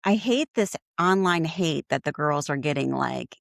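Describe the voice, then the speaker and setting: A woman's voice: low-pitched, very animated, measured pace, gravelly, hardly any pauses, a bit bright, no echo, studio quality. A woman co-hosting a casual gossip podcast, reacting with emphatic exasperation.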